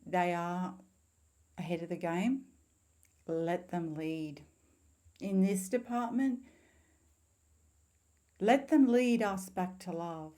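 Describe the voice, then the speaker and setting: Mellow-voiced middle-aged woman, heartfelt vlogger. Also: lowish voice, slow, pauses often. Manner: heartfelt, rambling storytelling with warm asides. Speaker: spiritual vlogger. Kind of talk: casual talk to camera.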